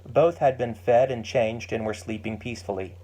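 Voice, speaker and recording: A man reading a family story aloud as a steady, gentle narrator. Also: medium pitch, normal speed, slightly rough. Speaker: audiobook narrator.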